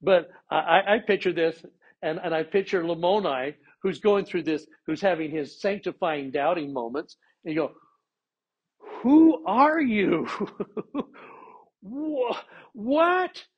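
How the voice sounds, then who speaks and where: A man teaching an informal scripture class, animated and lively, acting out quotes with plenty of voice inflection. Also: a little high, normal speed, breathy edge, highs cut off.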